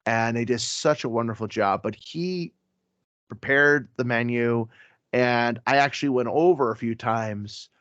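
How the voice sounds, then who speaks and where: A man's voice: mid-range voice, a little slow, fairly bright tone, clean tone, no room sound. A man, a priest, chatting casually on a podcast and telling stories with asides and self-corrections. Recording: dry, slightly dull podcast audio.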